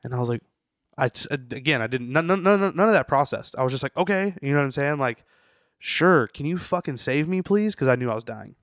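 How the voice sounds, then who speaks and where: A man's voice: mid-range voice, quick pace, fairly bright tone, no room sound, clean studio sound. A young man, a tattooer, telling a story in a rambling, profane way full of "you know" on a podcast. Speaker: tattooer guest. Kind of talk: casual storytelling interview.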